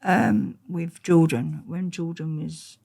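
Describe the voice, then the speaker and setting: A woman with a gravelly, lowish voice takes her time telling stories as a guest in an interview. She's blunt, slangy, and animated.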